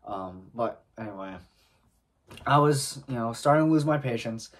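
A man talking casually to camera as a vlogger, telling a personal story in a halting way, often pausing and clearing his throat. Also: medium pitch. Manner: slow, halting delivery with frequent pauses and throat clearing.

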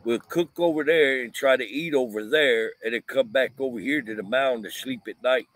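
A man's voice: mid-range voice, normal speed, a bit bright. A man telling a rambling, folksy story in a casual vlog, full of fillers, outdoors at night by a camper van. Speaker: vlogger, paranormal investigator. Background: crickets and insects.

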